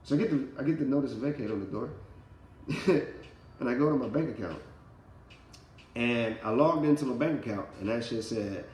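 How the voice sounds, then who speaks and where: A man's voice: medium pitch, normal speed, pauses often, a little mellow, echoey room, slight background noise. A man giving a casual motivational talk, telling his story with slang and swearing. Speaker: motivational speaker.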